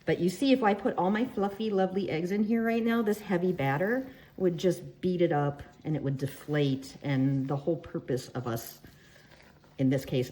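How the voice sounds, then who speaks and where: Chatty low-voiced woman teaching baking. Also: dark tone. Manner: chatty and joking, talks to viewers while working. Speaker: baking instructor and shop owner. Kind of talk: casual cooking tutorial.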